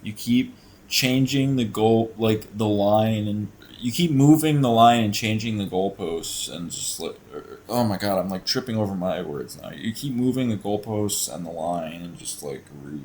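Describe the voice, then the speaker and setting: A man's voice: fairly low pitch, normal speed, darkish tone, slight background noise. A man hosting a reaction video, exasperated and sarcastic, swearing often and sounding tired. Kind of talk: reacting to a clip with commentary.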